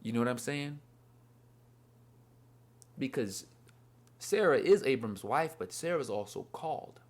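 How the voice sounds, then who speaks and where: A man's voice: medium pitch, lively intonation, unhurried. A young man giving a casual, earnest Bible lesson, rambling and repeating "you know what I mean.". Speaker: Bible study teacher. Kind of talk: casual devotional talk.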